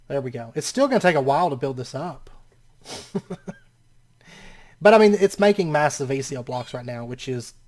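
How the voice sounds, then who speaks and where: The host's voice is medium-pitched and a little mellow. Narrating gameplay casually, they ramble, correct themself, laugh often, and exclaim in disbelief at each action.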